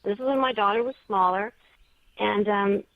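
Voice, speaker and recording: A woman in the middle of her pitch range tells a story in a chatty, animated way, slipping into the voices of the people she quotes. The sound is dull and lo-fi, and the recording is dry. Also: normal speed, vocal fry, no room sound. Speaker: guest author. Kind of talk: casual storytelling in an interview. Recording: dull, lo-fi audio.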